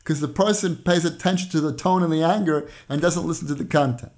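A man with a slightly high voice gives a weekly Torah lesson on his podcast. He explains earnestly and leans on retold stories and scripture to make his points. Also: a little fast, darkish tone. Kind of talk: weekly religious teaching podcast.

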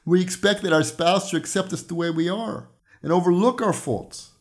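On his weekly religious teaching podcast, a man with a slightly high voice gives a Torah lesson at normal speed. He explains earnestly, leaning on retold stories and scripture to make his points.

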